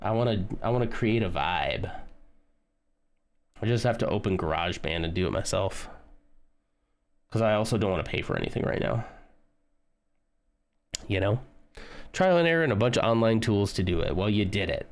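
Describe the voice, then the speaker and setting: A man's voice: low-pitched, fairly quick, pauses often. A man casually chatting with viewers on a live stream while building a model kit, rambling and humming tunes as he works.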